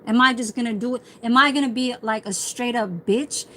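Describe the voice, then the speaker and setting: A woman's voice: fairly high pitch, fairly quick, sharp tone, a little hiss or hum, poor audio. A woman ranting casually on a livestream, swearing heavily as she tells a rambling story.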